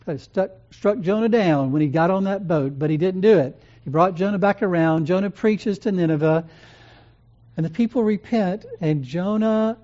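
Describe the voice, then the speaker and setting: A preacher giving a sermon in an earnest, gentle and measured way, pausing and restarting phrases. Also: medium pitch. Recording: dull lo-fi recording.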